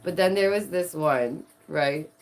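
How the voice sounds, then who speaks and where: A woman vlogger riffs through casual commentary. She is sarcastic and animated and laughs a lot. Her voice sits a little low. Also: unhurried.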